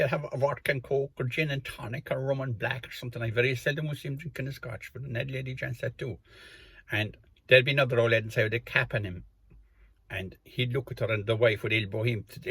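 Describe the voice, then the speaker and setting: An older Kerry Irish man tells a rambling country story in a low, husky voice. He drifts through asides in a loose, colloquial way. The sound is dry and close, with no room around it. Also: a bit bright, dry recording. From Ireland. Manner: meandering, colloquial, acts out quoted voices. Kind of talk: rambling rural folk storytelling.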